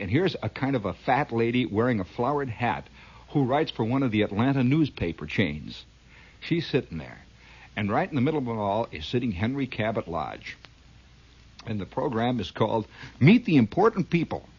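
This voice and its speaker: A man's voice: medium pitch, very animated, normal speed, a little mellow, slightly rough. Rambling, laughing comic storyteller man. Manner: rambling, laughing at his own tale. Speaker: comedian. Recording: dull lo-fi old recording.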